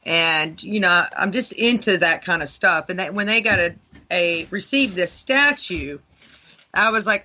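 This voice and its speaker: A woman guest on a paranormal talk radio show, telling a long, animated story with many fillers. Her voice is bright and forward. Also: lowish voice, unhurried. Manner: rambling, animated retelling with lots of fillers.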